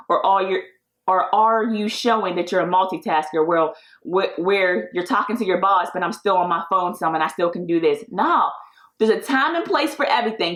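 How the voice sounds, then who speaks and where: A woman in her thirties hosting a podcast, talking casually in an upbeat, encouraging way and laughing often. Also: fairly low pitch. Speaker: podcast host. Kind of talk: casual solo podcast talk.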